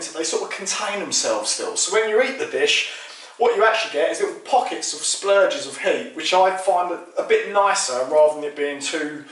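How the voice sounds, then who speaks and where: Man, cooking host, high voice, casual explaining, strong kitchen echo, mic far off. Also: fairly bright tone, slight background noise. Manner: chatty, explains as he cooks.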